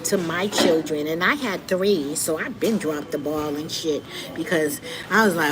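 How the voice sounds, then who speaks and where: A middle-aged woman hosting a live stream, giving candid, animated commentary straight to her viewers. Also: on the low side, a little slow, hardly any pauses, rough recording. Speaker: livestream host. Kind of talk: casual commentary monologue. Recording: noticeable background noise.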